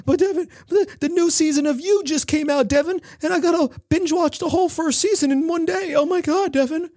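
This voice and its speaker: A man putting on a whiny, pleading TV-binger, pitched high above his own voice. Dry, close recording. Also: brisk, a little mellow, no room sound. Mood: whining. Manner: whining, pleading. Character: whiny TV-bingeing listener, young adult.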